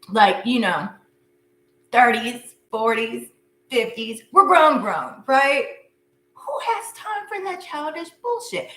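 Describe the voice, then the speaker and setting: A woman's voice: a little high, a bit bright. A middle-aged woman giving a casual live tarot reading, chatty and blunt, laughing often and cursing freely. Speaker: tarot reader. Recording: echoey room with faint hum.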